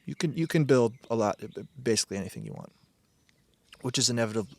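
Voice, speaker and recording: A man's voice: mid-range voice, animated, fast talker, creaky, darkish tone, dry recording. A man hosting a solo podcast, rambling and swearing, often breaking off mid-sentence to start again. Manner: digressive, profane, self-interrupting. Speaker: podcast host.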